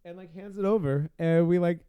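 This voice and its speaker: Guy telling a party story on a podcast, mellow voice, laughs a lot, says like constantly, dry sound. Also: high voice, brisk, smooth, no room sound. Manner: animated, laughing, filler-heavy. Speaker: podcast guest, TV producer. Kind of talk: casual storytelling.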